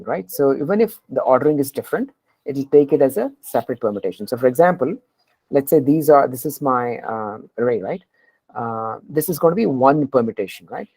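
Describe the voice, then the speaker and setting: Woman teaching coding, super low dark voice, keeps going "right?" with lots of uhs and ums. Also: breathy edge, no echo, poor audio. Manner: keeps asking "right?" to check understanding, with frequent pauses and fillers. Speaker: programming tutor. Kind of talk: explaining a coding problem in class.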